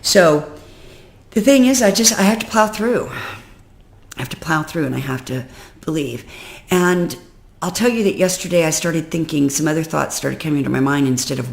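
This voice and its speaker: Gravelly woman venting her frustrations. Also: normal speed. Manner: emotional, venting, swings from low and weary to loud and exasperated. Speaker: personal development vlogger. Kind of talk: candid personal storytelling.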